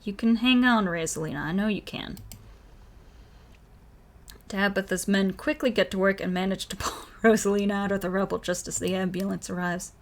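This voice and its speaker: A woman's voice: medium pitch, steady tone, moderate pace. A woman reads a horror visual novel aloud on stream, giving every character's lines in her own everyday voice. Between lines she breaks off to react to the story. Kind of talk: reading game dialogue aloud with own reactions.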